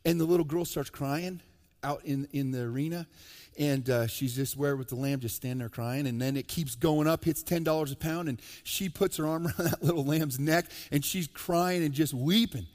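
A man preaching a sermon as pastor, animated and joking, swinging between emphatic loud lines and soft low ones. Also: normal speed. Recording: long reverb of a large hall.

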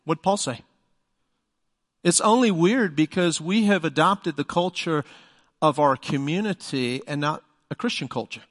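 Middle-aged male pastor, slightly high voice, emphatic conversational sermon, long church-hall reverb. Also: unhurried. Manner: emphatic, conversational preaching with rhetorical questions.

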